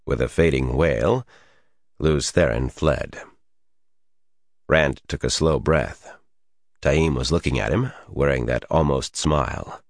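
A man narrating a fantasy audiobook with expressive storytelling. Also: extremely low pitch, takes it slowly, pauses often, no echo, clean studio sound.

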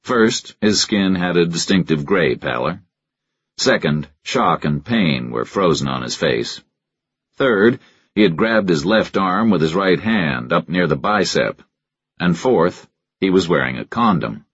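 A man narrating a first-person crime story in a measured, deadpan way. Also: low-pitched, slightly rough, no room sound, lo-fi sound. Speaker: audiobook narrator.

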